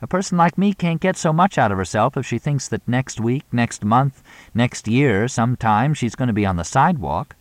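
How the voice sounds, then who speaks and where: A man voicing a glamorous female film star, brisk and put-upon. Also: medium pitch, big pitch swings, no room sound, pitched above the performer's own voice, natural voice. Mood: exasperated.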